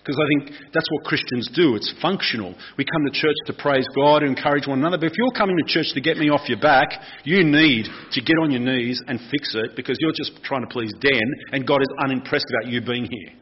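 Husky Australian man preaching. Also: mid-range voice, a little fast, few pauses, dull audio. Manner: lively, asks the congregation questions. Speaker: pastor. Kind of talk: conversational sermon.

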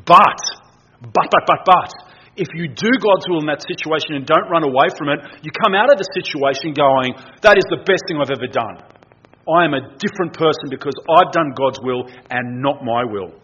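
A middle-aged man preaching a lively, conversational sermon in a church, acting out people's inner voices. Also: fairly high pitch, moderate pace, breathy edge. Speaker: guest preacher. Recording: dull, slightly noisy recording.

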